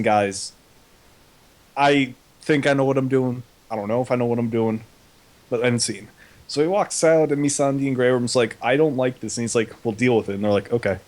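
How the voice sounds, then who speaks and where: A man's voice: medium pitch, darkish tone. A young man casually recapping an episode with a comedic twist, paraphrasing the characters in slangy, offhand voices.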